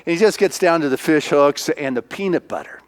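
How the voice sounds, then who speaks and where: A minister retelling a film from the pulpit in a loose, chatty way, with many fillers. His voice sits a little high for a man. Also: expressive, a little fast. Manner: casual storytelling, many fillers.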